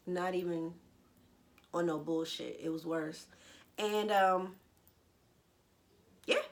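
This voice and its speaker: A woman's voice: on the low side, fairly even intonation, takes it slowly. A young adult woman telling a candid, slangy story as a vlogger. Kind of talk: casual storytelling vlog.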